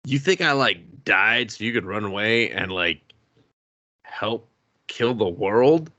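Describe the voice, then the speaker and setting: A man's voice: lowish voice, expressive, slow pace, bright, forceful tone, no room sound, highs cut off, full character voice. A man voicing an exasperated ghost father who scolds his grown son in a profane, mocking rant.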